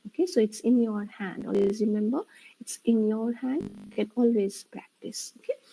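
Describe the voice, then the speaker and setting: A woman's voice: mid-range voice, fairly quick, creaky, mellow, poor audio. A woman with an Indian English accent giving a classroom lecture on speaking skills. She explains each point, repeats it, and keeps checking in with "right?" and "okay?". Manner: explains and repeats, asks "right?" after each point, slips into Hindi and Bengali. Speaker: teacher.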